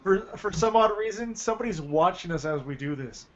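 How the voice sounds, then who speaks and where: Brief: high-pitched easygoing man, casual co-host, dull recording. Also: animated, a little fast. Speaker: podcast co-host. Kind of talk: casual chat. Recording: dull lo-fi sound.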